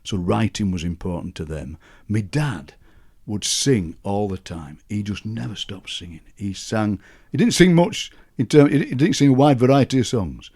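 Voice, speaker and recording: Man, sixties, Barnsley accent, anecdotal guest, chuckling, animated pitch. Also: normal speed, hardly any pauses, slightly rough. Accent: Yorkshire, Barnsley. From Yorkshire, England. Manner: chatty, warm-humoured, chuckles through his stories. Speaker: guest poet. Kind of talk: anecdotal conversational storytelling.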